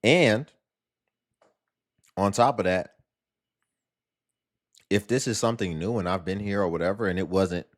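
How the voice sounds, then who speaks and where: Man, lower voice, reaction commentator. Teasing, then serious advice. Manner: laughing, mocking, then advising.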